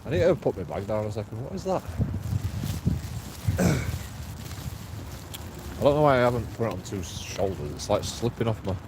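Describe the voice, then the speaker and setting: A man's voice: fairly low pitch, expressive, moderate pace, long pauses. A man vlogging as he walks outdoors. He rambles, swears, jokes and laughs at himself while talking to his viewers. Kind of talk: casual walking vlog, talking to viewers. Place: outdoors, walking through streets and a graveyard. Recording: loud wind noise on an outdoor mic.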